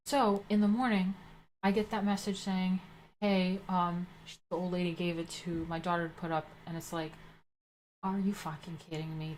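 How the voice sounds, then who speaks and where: An indignant woman hosts a casual livestream from home and tells a story in an animated way, swearing as she goes. Her voice sits at a middle pitch, with a faint hiss behind it. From Slavic background. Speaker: livestream host.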